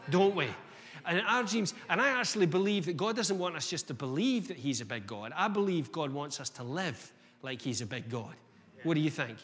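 A man delivers an energetic sermon in a slightly higher voice. He talks conversationally, asking rhetorical questions. His words trail off into the long reverb of a hall. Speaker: guest preacher.

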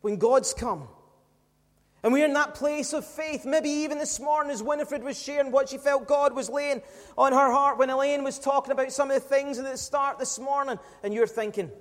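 A man preaching with a strikingly high voice, leaning hard on his points and throwing rhetorical questions at the congregation. His words ring out with a long reverb from a church hall. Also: fairly even intonation, normal speed, fairly bright tone. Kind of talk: sermon.

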